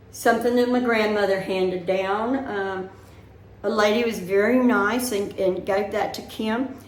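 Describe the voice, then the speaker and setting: A gravelly, mid-range voice comes from an older woman vlogger speaking casually to her viewers at home in her living room. She rambles on, talking her worries through, and the roomy recording picks up a little background noise.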